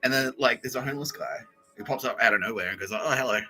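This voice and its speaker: A man's voice: medium pitch, fast, pushed and bright, soft background music, poor audio. A man hosting a podcast, retelling a film in a casual, comedic way, swearing and laughing often. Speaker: podcast host.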